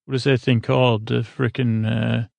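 A man's voice: mid-range voice, little pitch movement, moderate pace, creaky, a little mellow, dry recording. A man hosting a podcast, recapping an episode in a meandering, sleepy ramble full of uh fillers. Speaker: podcast host.

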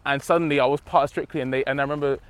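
A man's voice: medium pitch, very fast, smooth. A man telling stories as a podcast guest, acting out the voices of the people he quotes. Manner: animated storyteller, acts out quotes. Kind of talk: casual podcast chat.

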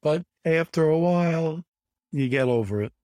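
A man's voice: a little high, lively intonation, moderate pace, darkish tone, dry recording. Older man telling stories, dry sound. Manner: emphatic, repeats words for stress. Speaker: bridge player guest. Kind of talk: anecdotal interview storytelling.

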